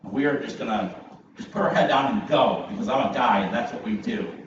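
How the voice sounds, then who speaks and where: A man, a guest preacher, opening a sermon with an animated, self-mocking personal story. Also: medium pitch, a little fast, background noise. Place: church sanctuary. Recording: distant, muffled, echoey church hall with ambience.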